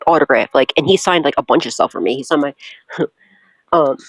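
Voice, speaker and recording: A woman's voice: sits low, fairly quick, gravelly, slightly rough, no room sound, low-quality recording. Woman, young adult, tarot reader, casual storyteller, laughs a lot, swears, dry close sound. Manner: loud, laughs often, swears freely.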